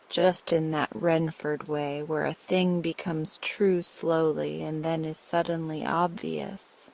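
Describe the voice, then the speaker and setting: A woman narrating a bedtime sleep story in a soft, slow, soothing way. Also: low-pitched, vocal fry, rough recording.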